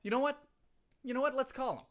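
A male co-host with a high voice trades quick jokes on a comedy podcast. He sounds eager and playful. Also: fairly bright tone. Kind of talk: casual comedy podcast chat.

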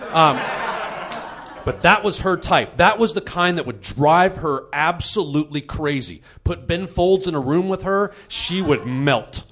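A man hosting a comedy podcast, telling a true story in an animated, laughing way. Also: fairly high pitch, measured pace.

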